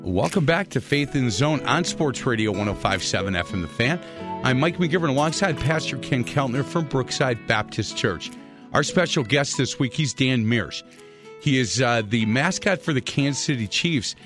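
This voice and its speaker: A man's voice: mid-range voice, lively intonation, normal speed, music in the background. A man hosting a sports radio show in a studio, telling stories in a chatty way and laughing at his own tales. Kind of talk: casual radio talk. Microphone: studio microphone.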